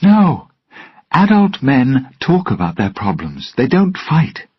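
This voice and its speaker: Storybook heroine played by a man: high, husky and indignant, on a dry lo-fi track. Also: slow, dry recording, full character voice. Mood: urgent. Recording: dull lo-fi recording.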